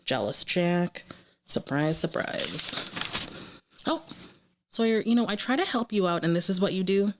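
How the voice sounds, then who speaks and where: A woman co-hosting a podcast in casual chat, quick and teasing as she reads out her wry reactions. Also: lowish voice, animated, noisy background. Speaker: podcast co-host.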